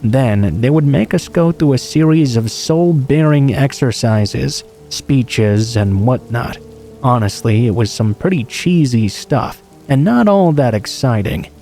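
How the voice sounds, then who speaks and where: A man reads scary stories in a calm, even narrator's voice. His tone is dark and mellow, and a steady patter of rain runs behind him. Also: mid-range voice, a little slow, faint music behind. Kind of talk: scripted horror story narration.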